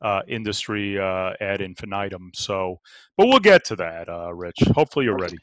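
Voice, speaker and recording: A man's voice: low voice, animated, moderate pace, no echo. A man from New York co-hosting a podcast, joking and teasing his guests. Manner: jokey, teasing banter. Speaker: podcast co-host. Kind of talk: casual chat.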